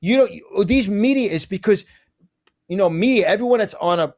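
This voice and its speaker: A man's voice: high voice, animated, moderate pace, a little mellow. A middle-aged man speaking as an interview guest, ranting with force, piling up asides and restarting his sentences. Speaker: guest, conservative business publisher. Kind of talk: fiery political interview talk.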